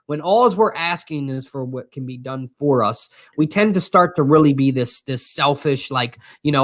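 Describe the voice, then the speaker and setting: A man co-hosting a motivational faith talk, speaking with energetic, preacherly fervor and a habit of repeating his phrases. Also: medium pitch, normal speed, hardly any pauses, no echo, clean studio sound. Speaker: co-host.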